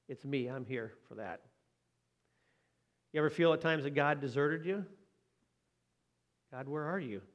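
A man preaching a sermon in a conversational way, often asking his listeners questions. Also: on the high side. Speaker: pastor.

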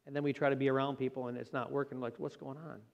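Pastor, man, mid-pitched, earnest and plain, preaching in a sanctuary with a long echo. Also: flat delivery, gravelly, muffled recording. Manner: earnest, plain-spoken, slows for emphasis. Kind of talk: sermon. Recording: long hall reverb.

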